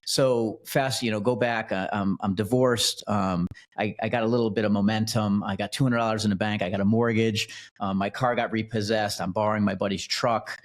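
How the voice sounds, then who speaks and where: Low-voiced man telling his story haltingly. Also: steady tone. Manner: rambling, frequent restarts and repeated words. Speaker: podcast guest, nonprofit founder. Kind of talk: casual personal storytelling.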